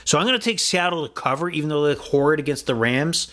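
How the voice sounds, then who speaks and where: A man's voice: fairly high pitch, expressive, fast talker, fairly bright tone. A man hosting a sports betting podcast, giving blunt, rambling picks with profanity and frequent restarts. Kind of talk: casual sports betting talk.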